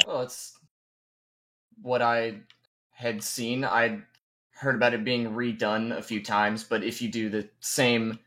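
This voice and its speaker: A man answering questions as a guest on a live stream, speaking softly and haltingly. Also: medium pitch, flat delivery. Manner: soft-spoken and hesitant, with fillers. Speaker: guest caller. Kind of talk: casual debate answers.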